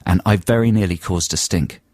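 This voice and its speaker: A man's voice: sits low, brisk, a little mellow, no echo, studio quality. An English man co-hosting a radio show, telling a long, self-mocking story in casual banter with his co-host. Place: radio studio. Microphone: studio microphone.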